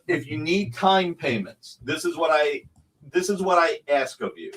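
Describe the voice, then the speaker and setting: A man's voice: fairly high pitch, expressive, moderate pace, a bit bright, rough recording. A man on a casual live stream, laying out prices and payment terms for original comic art in long, rambling explanations.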